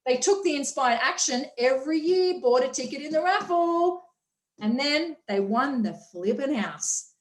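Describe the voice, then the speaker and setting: Energetic woman hosting a motivational workshop; high voice, echoey room. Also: a little slow. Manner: energetic, enthusiastic, acts out quotes. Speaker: workshop host. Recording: roomy echo.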